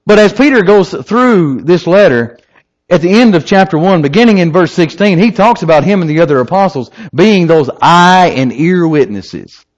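A man preaching an evening sermon, emphatic and lively, asking the listeners rhetorical questions. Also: sits high, moderate pace. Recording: slightly dull lo-fi recording.

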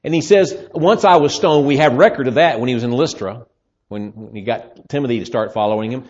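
A man preaching a sermon, explaining scripture in a lively way and acting out the voices of people in the story. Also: mid-range voice, quick pace. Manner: lively, acts out voices in Bible scenes. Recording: muffled lo-fi sermon recording.

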